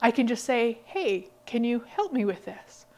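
A woman hosting a podcast, giving an energetic, emphatic motivational talk. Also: a little high, a little slow. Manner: energetic, emphatic, laughs often. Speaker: podcast host.

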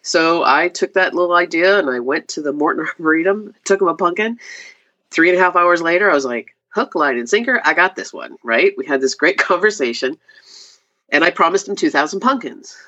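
A woman talks about her craft in a loose, chatty way. She jumps up high in pitch whenever she acts out what people said. The audio is a little dull and lo-fi. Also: fairly quick, fairly bright tone. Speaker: glass artist guest. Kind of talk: casual interview storytelling.

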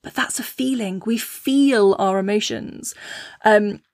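A woman talks in a chatty, easygoing way, often restarting her sentences and slipping into lively voices when she quotes people. Her voice sits at a middle pitch, and the recording is dry and close with no room sound. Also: slow, no room sound. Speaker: podcast host. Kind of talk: casual spiritual talk.

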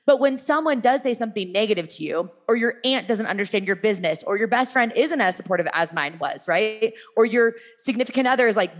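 A woman talking as a guest in a casual podcast conversation, energetic and motivational, with quick runs and many fillers. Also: mid-range voice.

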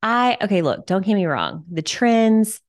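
A woman's voice: medium pitch, sing-song, measured pace, no room sound, clean studio sound. A woman hosting her own podcast, giving tips in a chatty, enthusiastic way with lots of casual fillers. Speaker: podcast host.

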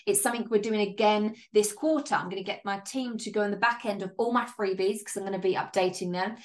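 A woman's voice: medium pitch, steady tone, fast. Upbeat, swearing woman podcast coach. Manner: upbeat, emphatic, casual swearing; chatty with frequent "like" and laughs. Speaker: podcast host and business coach. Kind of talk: solo podcast monologue.

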